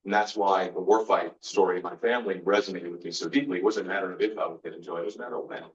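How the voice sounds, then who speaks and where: A man's voice: low-pitched, fairly even intonation, very fast. A man giving an earnest faith-based motivational talk as guest speaker, telling personal stories and acting out the exchanges in them. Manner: earnest storyteller, acts out quoted exchanges. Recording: roomy, distant, dull sound.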